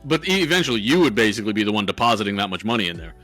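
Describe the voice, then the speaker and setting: A man co-hosting a podcast, chatting casually with a bright, forceful voice. He talks loosely, swears freely and laughs often. Faint music sits behind him. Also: fairly low pitch, big pitch swings, rapid-fire. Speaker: podcast co-host.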